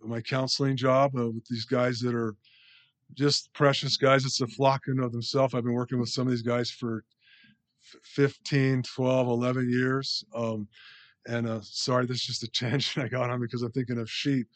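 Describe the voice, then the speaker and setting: A man's voice: mid-range voice, level tone, moderate pace. A man preaching a conversational sermon as a pastor, rambling a bit, with many fillers and restarts.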